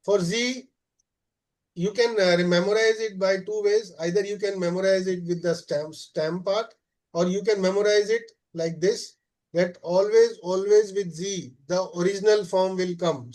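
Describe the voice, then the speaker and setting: A man teaches a live beginner class. His voice sits fairly high, and he pauses on "uh" a lot. He checks in with his students by saying "okay?" again and again. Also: darkish tone. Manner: explains slowly, checks with frequent "okay?"; many "uh" fillers. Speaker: German teacher.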